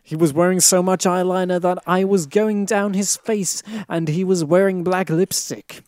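A man's voice: sits high, fairly even intonation, moderate pace, a little mellow, no echo. A man giving a comic, mock-earnest reading of a fan fiction, close to the mic. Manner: mock-earnest, breaks into laughter. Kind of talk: comic dramatic reading aloud.

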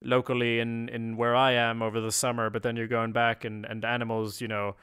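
A man hosting a casual podcast chat, teasing his co-host with wry quick banter. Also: medium pitch, completely flat delivery, a bit bright, clear, resonant tone.

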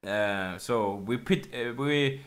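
Playful man, bright tone. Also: mid-range voice, slow. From Sweden. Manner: playful, joking, laughs often, hesitant restarts. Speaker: podcast co-host. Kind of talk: casual chat.

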